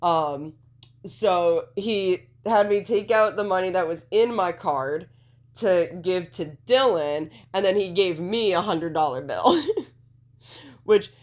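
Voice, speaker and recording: A woman's voice: fairly low pitch, slow. Rambling, swearing woman podcast co-host. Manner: rambling, laughing, swears freely. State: congested. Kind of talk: casual chat.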